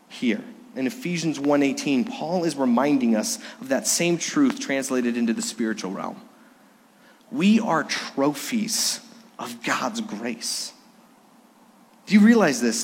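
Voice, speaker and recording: Pastor guy preaching, kinda high voice, earnest and dropping soft on the big lines, long hall echo. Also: slight background noise. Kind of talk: sermon.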